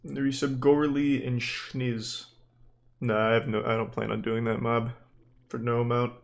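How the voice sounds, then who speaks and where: A young man streaming live, chatting casually with viewers in a deadpan, exasperated way, swearing freely. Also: mid-range voice, unhurried, creaky. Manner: deadpan, profane, exasperated rants at chat.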